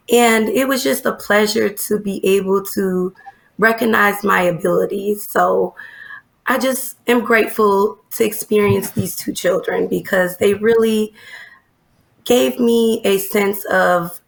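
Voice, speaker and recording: Woman, early learning teacher, gravelly voice, earnest, filler-heavy interview answers. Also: mid-range voice, slow. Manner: earnest, warm praise with frequent fillers.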